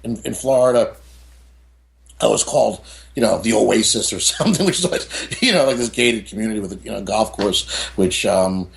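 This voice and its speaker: A man's voice: fairly low pitch, normal speed, creaky. A middle-aged man from the United States, an author talking as a guest, telling candid stories with lots of "you know" and "I mean" asides. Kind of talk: candid storytelling in an interview.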